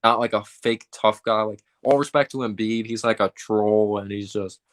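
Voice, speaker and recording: A man's voice: fairly low pitch, fairly even intonation, moderate pace. A man hosting a fan sports chat, talking casually with lots of fillers. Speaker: fan podcast host.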